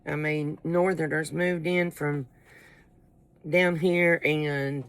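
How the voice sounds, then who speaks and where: Gravelly Appalachian woman rambling folksy. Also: low voice, steady tone, takes it slowly. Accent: Southern Appalachian. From Appalachian coal country, US. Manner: rambling, folksy, interrupts herself. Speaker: vlogger. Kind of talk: casual rambling chat to camera.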